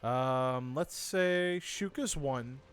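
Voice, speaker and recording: A man's voice: medium pitch, drawn-out words, clean tone. Laid-back man running a tabletop game. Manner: laid-back, chuckling, thinks aloud. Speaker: dungeon master.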